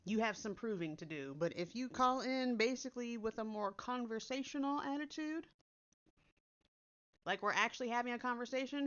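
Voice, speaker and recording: A fairly high-pitched woman speaks at a moderate pace, her tone a bit bright and smooth. She's a content creator in casual conversation, blunt and direct, and swears casually. Because she's using the built-in computer mic instead of her usual one, the recording sounds dull and lo-fi.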